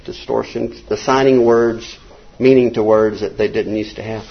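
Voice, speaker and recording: A man teaching an informal Bible class from slides, rambling between points and reading quotes slowly and emphatically. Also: mid-range voice, level tone, vocal fry. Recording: dull lo-fi recording.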